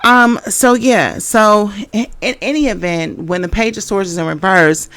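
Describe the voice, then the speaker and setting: A woman's voice: medium pitch, normal speed, a bit bright, no echo. A middle-aged woman giving a casual tarot reading, rambling and hesitant, with many fillers and restarts. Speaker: tarot reader.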